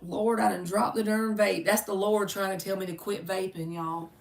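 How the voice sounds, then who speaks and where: A woman's voice: medium pitch, fairly even intonation, normal speed, vocal fry, far from the mic, very noisy. A woman doing a chatty, joking tarot reading for her viewers, calling them by name. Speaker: tarot reader. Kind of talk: casual live-stream tarot reading. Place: home room.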